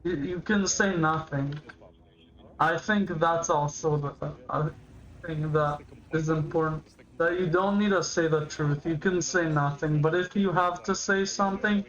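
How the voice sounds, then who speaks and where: A man's voice: on the high side, steady tone, a little slow, fairly bright tone, dull audio. A man in his late teens chatting casually and musing aloud while reacting to a video on a livestream. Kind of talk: casual rambling chat.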